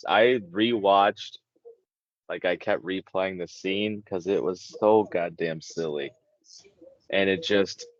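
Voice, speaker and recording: A man's voice: low voice, no room sound, highs cut off. A man co-hosting a podcast, talking bluntly and swearing freely in casual chat. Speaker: podcast co-host.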